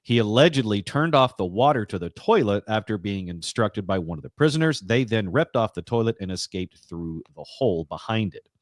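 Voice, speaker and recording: A man chatting on a podcast with a lively, swinging voice that rises when he laughs. The sound is dry and close, with no room around it. He reads news snippets aloud and jokes with his co-hosts. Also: lowish voice, fairly quick, few pauses, no room sound. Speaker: podcast co-host. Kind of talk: casual podcast chat.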